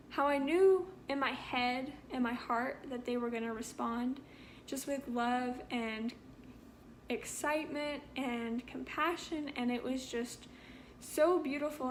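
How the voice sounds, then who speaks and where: Young woman vlogger, high voice, slow unhurried delivery, earnest and heartfelt storytelling. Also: slight background noise. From Canada. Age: young adult. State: pregnant. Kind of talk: story time vlog.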